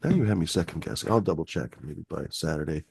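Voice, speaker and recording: A man's voice: rumbling low, expressive, fast, creaky, a little mellow, slightly rough. A man hosting a live-stream show, talking in a rambling, easygoing way with a lot of swearing. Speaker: host. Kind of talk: casual live-stream chat.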